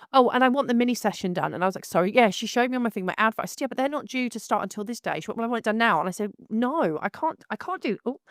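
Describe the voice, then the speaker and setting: A woman's voice: mid-range voice, no echo, clean studio sound. Exasperated woman ranting. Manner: exasperated, rambling, frequent restarts. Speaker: photographer and host. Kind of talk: storytime reaction monologue.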